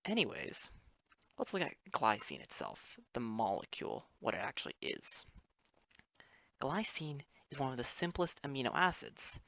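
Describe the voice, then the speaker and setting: A man's voice: medium pitch, very animated, moderate pace, bright, forceful tone, dry recording. A young man, a student, giving a casual explainer lesson over his drawings, rambling with offhand apologetic asides. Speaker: student presenter.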